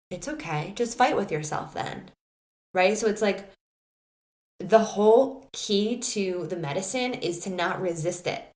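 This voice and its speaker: A woman hosting a solo podcast, telling a personal story in a candid, animated way, full of "like" and restarts. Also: lowish voice, roomy sound. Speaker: podcast host.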